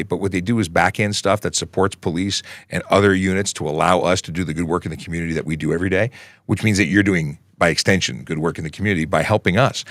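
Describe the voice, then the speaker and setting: A man's voice: low-pitched, a bit bright, no room sound, studio quality. A man in his forties, from Canada, hosting a casual police Q&A livestream in a chatty, upbeat way with rambling asides. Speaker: livestream host, police constable.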